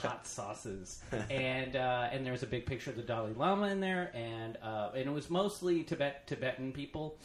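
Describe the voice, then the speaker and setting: A man's voice: medium pitch, normal speed, reverberant. A man hosting a podcast, telling rambling stories full of fillers in casual chat. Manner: rambling, laughing storytelling with many fillers. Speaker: podcast host.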